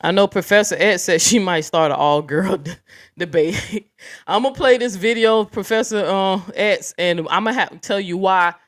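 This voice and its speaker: A woman's voice: medium pitch, moderate pace. A woman hosting a livestream, talking bluntly and profanely straight to her viewers and reading out chat comments. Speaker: livestream host.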